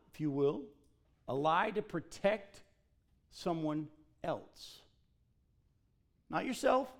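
Male pastor, slightly raised pitch, preaching and reading scripture, deliberate emphasis. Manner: reads scripture then preaches, addresses congregation directly. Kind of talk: sermon with Bible reading.

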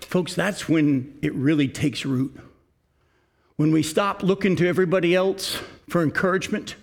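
An older man preaching a sermon, reading scripture slowly and emphatically and then talking to the congregation in an earnest, conversational way. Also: a little high, steady tone, vocal fry. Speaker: pastor.

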